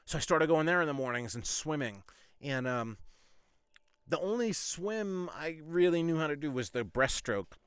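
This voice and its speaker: A man's voice: on the high side, animated, normal speed, a bit bright, smooth, no echo. Podcast guy rambling thru a story, lots of "like", swears a bunch, dry close sound. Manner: rambling, filler-heavy, frequent swearing. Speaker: podcast host. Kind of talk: casual storytelling monologue.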